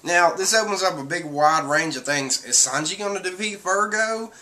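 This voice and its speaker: A man's voice: high voice, animated, moderate pace, pushed and bright, slight background noise. A man casually reviewing a manga chapter, rambling through the story with many fillers and acting out quotes.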